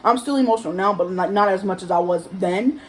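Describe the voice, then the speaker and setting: A young woman telling a casual storytime vlog to camera at home, acting out the quotes of the people in her story in a higher voice. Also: fast talker, a little hiss or hum, poor audio. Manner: animated, acts out quotes in a higher voice. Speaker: vlogger.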